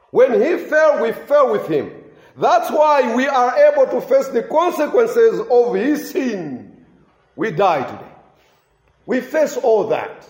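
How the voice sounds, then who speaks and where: In a reverberant room, a man delivers a sermon slowly and deliberately. His high, darkish voice swings widely between raised and lowered tones, and he leans into key phrases, repeating them for weight.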